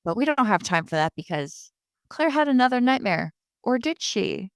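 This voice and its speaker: A chatty woman with a New Jersey accent recaps an episode on her podcast, sarcastic and full of asides. Her voice is smooth and clear, and the close mic sounds completely dry. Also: fairly high pitch, big pitch swings, normal speed, no room sound. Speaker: podcast host. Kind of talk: casual episode recap chat.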